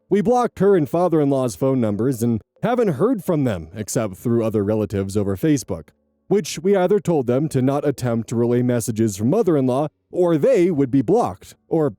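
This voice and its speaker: A man hosting a channel and narrating an online post aloud with animated, emphatic storytelling. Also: mid-range voice, no room sound. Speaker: channel host reading online posts.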